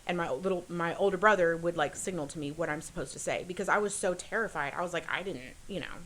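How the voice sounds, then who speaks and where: A woman telling a personal story as a podcast guest, earnest and halting, with many fillers and restarts. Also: on the low side, fairly bright tone, low-quality recording. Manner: earnest, confessional.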